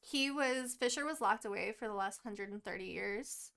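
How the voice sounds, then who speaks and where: A young woman recapping a book in casual podcast chat, animated and laughing, swearing freely as she quotes the characters. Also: medium pitch, moderate pace, vocal fry. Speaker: podcast co-host.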